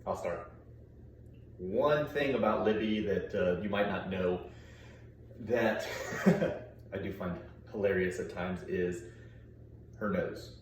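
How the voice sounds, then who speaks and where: Low-voiced man chatting easily. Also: background noise. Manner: chuckling, easygoing, halting with fillers. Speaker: vlog co-host. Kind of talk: casual family chat. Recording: echoey room, mic far off.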